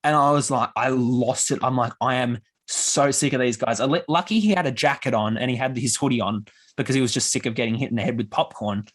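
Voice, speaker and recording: A young man on a casual podcast, telling stories with real animation. He slips into quoted voices as he goes, at a middling pitch and an easy talking pace. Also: quick pace, hardly any pauses, husky. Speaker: podcast host.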